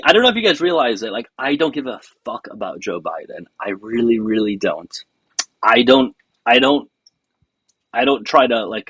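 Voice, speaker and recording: Sarcastic guy hosting a live stream, low raspy voice, dry close sound. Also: fairly bright tone, no room sound, rough recording. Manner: sarcastic, mocking, talks to chat. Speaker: livestream host. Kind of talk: casual political livestream chat.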